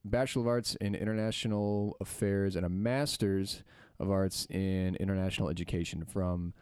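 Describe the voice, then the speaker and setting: A young man chats on a podcast, telling stories with lively energy. His voice is smooth and clear, sitting a little low. The sound is dry and close. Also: moderate pace, no room sound. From United States. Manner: lively storyteller, slips into mimicking voices. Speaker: podcast guest. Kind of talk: casual chat.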